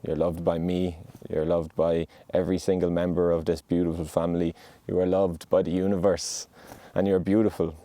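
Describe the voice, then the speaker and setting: A man hosting a podcast speaks from a mountainside, offering an earnest, reassuring, heartfelt monologue in a low and mellow voice. He keeps a level tone at normal speed with hardly any pauses; the audio is close and dry with no room sound.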